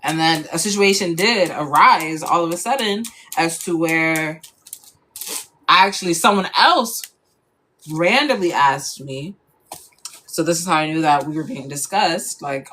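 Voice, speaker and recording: A woman's voice: deep voice, fairly bright tone, slight background noise. A young woman telling a personal story in a casual, chatty way, full of fillers.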